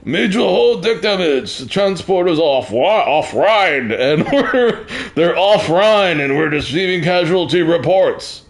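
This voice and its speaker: A man putting on the voice of a panicky young male starship ensign, shouting high and strained. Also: wildly swooping pitch, slow, full character voice. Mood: panicked.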